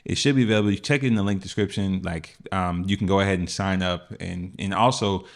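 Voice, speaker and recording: A man with a very deep voice and a gravelly fry hosts a casual finance podcast. He talks loosely and rambles, with plenty of fillers. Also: steady tone, quick pace. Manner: laid-back, rambling with fillers. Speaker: podcast co-host. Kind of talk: casual business podcast chat.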